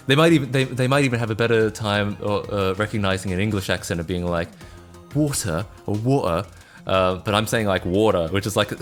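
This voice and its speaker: A man's voice: fairly low pitch, a bit bright. A tired young Australian man chatting casually with his stream, rambling and laughing, with lots of restarts. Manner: rambling, laughing often, many restarts and fillers. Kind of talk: casual live-stream chat.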